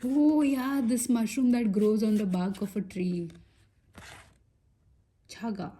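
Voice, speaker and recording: Woman, tarot reader, casual and reassuring, slow delivery, warm dark tone. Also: on the high side, steady tone. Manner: chatty and reassuring, many fillers and asides, drops into soft whispers. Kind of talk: casual pick-a-pile tarot reading.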